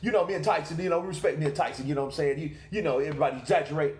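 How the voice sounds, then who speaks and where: A man's voice: fairly high pitch, racing, darkish tone, echoey room, natural voice. A man doing an impression of a brash adult male heavyweight boxer who talks in a rambling, evasive way, full of "you know.". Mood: breezy, dismissive. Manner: rambling and evasive, loaded with fillers.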